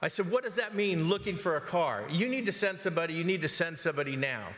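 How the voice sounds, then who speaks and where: During the public comment portion of a council meeting, this resident speaks quickly and expressively, agitated and emphatic as he relates a troubling story and keeps asking "okay?". His voice is fairly high and fairly bright, carried by the chamber's long hall reverb.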